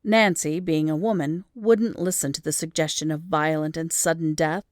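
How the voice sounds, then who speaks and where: Woman narrating an old story, lively. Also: deep voice, normal speed, no room sound, clean studio sound. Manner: lively storytelling with rising emphasis in action scenes. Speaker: audiobook reader. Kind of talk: expressive audiobook narration.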